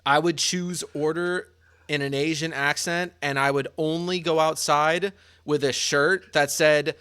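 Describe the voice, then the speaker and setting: A man's voice: on the high side, fairly even intonation, measured pace, bright, forceful tone, clear, resonant tone. A young man co-hosting a podcast, dryly setting up would-you-rather questions in casual chat. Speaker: podcast co-host.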